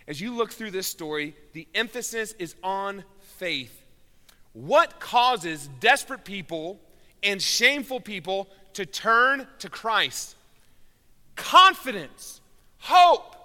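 A man preaching a sermon with earnest emphasis, rising loud on key words and dropping low and quiet. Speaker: pastor. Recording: long hall reverb.

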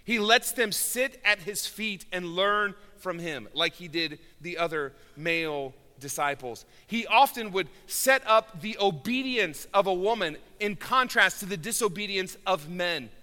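A man preaching a sermon with earnest emphasis, rising loud on key words and dropping low and quiet. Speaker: pastor. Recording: long hall reverb.

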